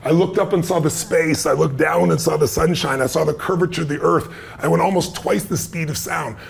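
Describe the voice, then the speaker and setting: Gravelly, husky American man. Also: a little high, fairly quick. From United States. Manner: emphatic and energetic, with repeated short sentences. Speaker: interview guest. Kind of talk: animated storytelling in an interview.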